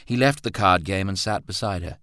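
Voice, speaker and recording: Low-pitched male audiobook narrator, dry and close. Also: brisk, fairly bright tone, dry recording. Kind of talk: scripted narration.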